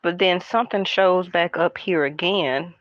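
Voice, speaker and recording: A woman doing a casual tarot card reading, talking in a hushed, half-whispered, chatty way to her viewers. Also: fairly low pitch, measured pace, no echo, muffled recording. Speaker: tarot reader.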